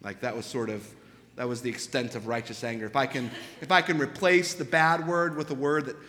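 A young man preaching a sermon as pastor, in a conversational style with animated storytelling and quick asides. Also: mid-range voice, big-room sound. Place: church sanctuary.

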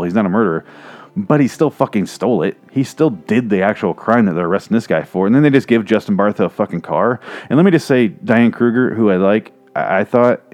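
A man's voice: fairly low pitch, a little mellow. A man hosting a movie review show, rambling in an exasperated, profane rant. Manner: rambling, exasperated, swears freely.

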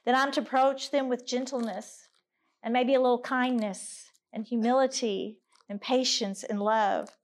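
A woman's voice: a little high, steady tone, measured pace. A middle-aged woman giving a candid, earnest talk to a women's gathering, mixing personal stories with scripture readings. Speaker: women's ministry speaker. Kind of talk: conversational sermon with scripture reading.

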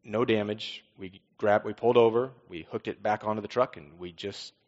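A man's voice: on the low side, normal speed, a little mellow, in a large hall, highs cut off. A man preaching a sermon as pastor, with a conversational delivery, rhetorical questions and repeated refrains.

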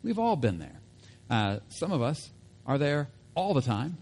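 A man's voice: medium pitch, very animated, a little slow, darkish tone. Conversational male pastor giving a sermon. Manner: casual and conversational, with asides and self-corrections.

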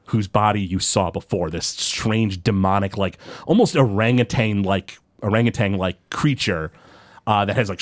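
A man running a tabletop game as game master, narrating in a rambling way with many fillers. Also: lowish voice.

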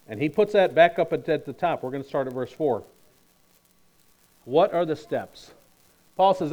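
A man preaching a sermon in a conversational, storytelling way, moving between lively and quiet delivery. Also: fairly high pitch, normal speed. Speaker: pastor.

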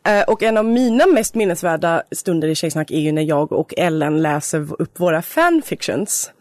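A woman's voice: deep voice, expressive, brisk, a little mellow, no room sound, clean studio sound. A woman co-hosting a podcast, chatting casually with a giggly, self-mocking manner and reading her own fan fiction aloud. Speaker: podcast co-host.

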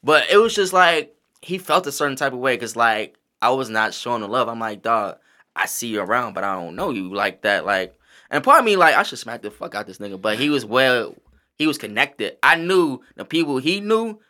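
A man from the American South telling stories on a podcast, profane and animated, acting out his own reactions. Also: mid-range voice, fairly quick. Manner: profane, animated storytelling, calls himself introverted. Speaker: podcast host, stage host and performer. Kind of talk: casual podcast storytelling.

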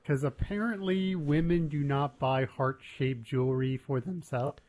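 A married man co-hosts a podcast, casually recapping a TV episode and asking curious questions, chatty and quick to laugh. His voice is a little high and darkish, somewhat slow, with fairly even intonation.

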